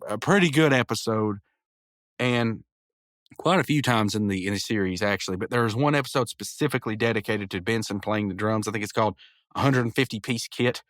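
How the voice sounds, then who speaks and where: A man hosting a podcast, eagerly retelling a cartoon episode with stammered restarts and quick character impressions. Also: lowish voice, a bit bright, no echo. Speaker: podcast host. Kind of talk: casual episode review.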